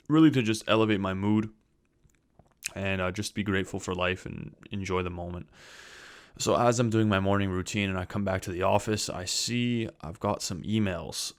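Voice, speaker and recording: A young man tells a story to camera in a casual vlog, exasperated and ranting, and he swears when quoting himself. His low, smooth voice is recorded at studio quality with no room sound.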